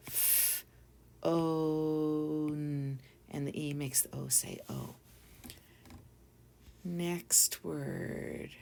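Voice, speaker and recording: A woman teaching a phonics spelling lesson to young children, sounding out each letter slowly and deliberately. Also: sits low, vocal fry.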